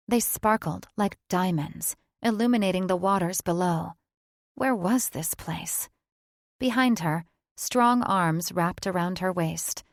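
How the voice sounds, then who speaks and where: A woman narrates a fantasy audiobook with a measured, even delivery. Her voice sits on the lower side. The studio sound is close and dry with no room around it. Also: no room sound.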